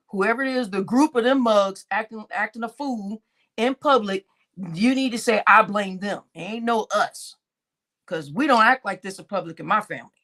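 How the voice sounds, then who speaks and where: A woman's voice: medium pitch, fairly bright tone. A woman hosting a livestream reaction show, talking indignantly and mockingly in casual commentary. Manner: indignant, mocking, repeats lines with laughter.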